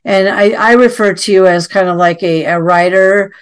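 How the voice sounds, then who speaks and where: A woman hosts a relaxed interview. She asks long, winding questions and fills the pauses with um and uh. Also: mid-range voice, clean tone. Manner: rambling questions with fillers. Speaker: interview host. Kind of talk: casual interview.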